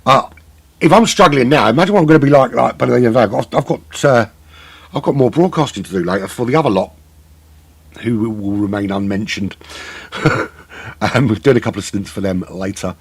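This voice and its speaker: Gravelly and husky at medium pitch, a middle-aged man talks briskly while commentating a live sim race. To fill the time, he waffles along, cracking jokes at his own expense.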